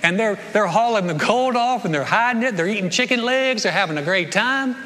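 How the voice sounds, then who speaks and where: A middle-aged male pastor preaching a sermon, telling the story in an animated way and repeating words as he goes. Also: sits high, a little fast. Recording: long reverb of a large church hall.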